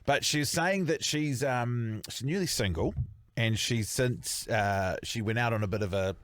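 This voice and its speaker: A man with a New Zealand accent, co-hosting a podcast with crude, animated banter. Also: mid-range voice, unhurried, no room sound, studio quality. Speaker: podcast co-host. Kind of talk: casual podcast chat.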